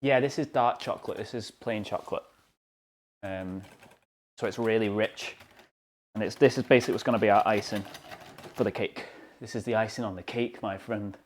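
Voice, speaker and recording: A man's voice: on the low side, fairly even intonation, moderate pace, pauses often, slight background noise. A young British man streaming live from his home kitchen, chatting casually and joking at his own expense while he bakes. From United Kingdom. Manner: chatty, joking, self-deprecating.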